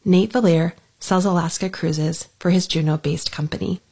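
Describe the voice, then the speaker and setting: A woman radio reporter reading scripted news narration in an even delivery. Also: lowish voice, normal speed, slightly rough.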